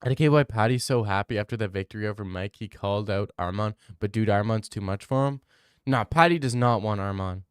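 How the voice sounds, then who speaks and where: A man's voice: lowish voice, brisk, smooth, no room sound, studio quality. Rambling young man reading live chat. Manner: rambling, opinionated, repeats himself. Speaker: streamer.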